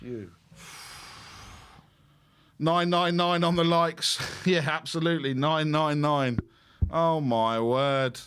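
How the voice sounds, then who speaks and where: A man hosts a live football watch-along stream in an excitable, exclaiming way. His voice sits a little high. He jumps between reacting to the match and reading out viewer messages. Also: slow, long pauses, clean tone.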